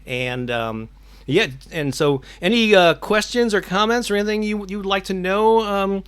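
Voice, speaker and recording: A man's voice: high voice, moderate pace, fairly bright tone, clear, resonant tone. Man, middle-aged, casual live-stream host, rambling, filler-heavy. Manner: rambling, many fillers and restarts. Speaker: affirmation channel host.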